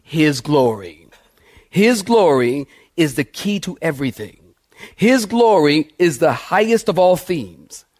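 A male pastor preaching a sermon, drawing call-and-response from his congregation and slowing down on key words. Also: a little high, very animated, darkish tone, no echo, clean studio sound. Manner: call-and-response, asks congregation "what, saints?"; emphatic, slows down on key words. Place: church sanctuary with congregation.

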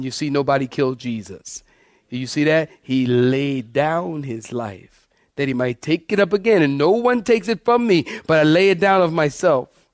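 A pastor preaches an expository sermon, reading scripture aloud, calling his congregation saints, and asking them to follow along. He shifts pace and volume emphatically. His fairly high voice runs at normal speed, with clean studio sound and no echo.

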